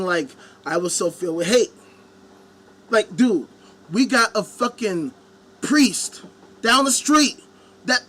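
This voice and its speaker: Speaking into a webcam mic, a man hosting a live stream delivers a profane, angry rant and makes fun of the people he quotes. His voice sits high and has a sharp tone.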